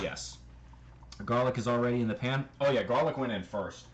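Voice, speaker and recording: A man hosting a casual cooking livestream, keeping up a relaxed running commentary with fillers as he works. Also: mid-range voice, fairly quick, dull audio. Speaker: livestream host. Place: home kitchen. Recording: echoey kitchen with loud background noise.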